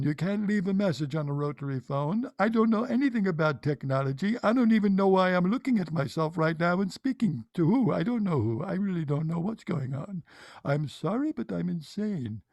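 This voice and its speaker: A man's voice: high voice, big pitch swings, normal speed, a little mellow, no echo, studio quality. Man playing Doctor Gloob, pompous oddball shrink. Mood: rambling. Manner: pompous, odd mixed accent, rambling. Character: eccentric male psychiatrist who treats the bizarre. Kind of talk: comedy character bit.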